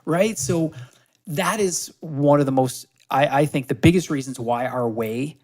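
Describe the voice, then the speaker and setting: A man's voice: fairly high pitch, a little slow, a little mellow. A man from Canada, a podcast guest who runs a supplement company, talking in an eager, explanatory way with many fillers and restarts. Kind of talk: casual conversational pitch.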